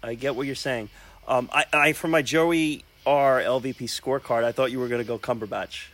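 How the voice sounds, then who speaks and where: A man hosting a casual movie review podcast, animated, laughing often and repeating words. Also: medium pitch, fairly quick. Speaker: podcast host.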